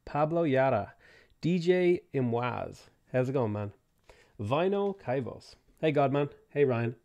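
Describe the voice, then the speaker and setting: Animated man chatting on a live stream. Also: mid-range voice, lo-fi sound. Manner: greets chat viewers by name between game setup remarks; quick offhand answers to viewer questions. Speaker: game streamer. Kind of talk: casual live-stream chat.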